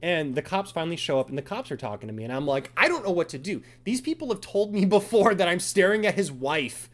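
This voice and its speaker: A man's voice: sits high, fast. A man hosting a casual chat, telling an angry story with lots of swearing and acted-out quotes. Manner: profane, animated, acts out quotes. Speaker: podcast host.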